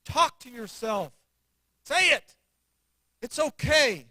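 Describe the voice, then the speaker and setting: A man's voice: very high-pitched, measured pace, long pauses, pushed and bright, dry recording, rough recording. A man teaching an adult church class, earnestly repeating declarations with conviction before leading a prayer.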